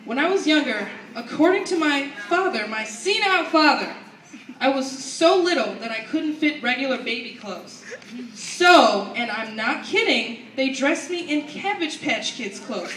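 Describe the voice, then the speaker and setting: A young woman doing an animated stand-up set at an open mic, acting out her family. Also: high voice, moderate pace. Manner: animated, acts out family members. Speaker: stand-up comedian. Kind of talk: stand-up comedy storytelling. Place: open mic at a university venue. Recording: echoey room from far, faint noise.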